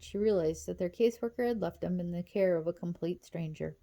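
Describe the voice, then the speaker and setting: A woman reading a novel aloud in a steady, even storytelling manner. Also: fairly low pitch. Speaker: audiobook reader.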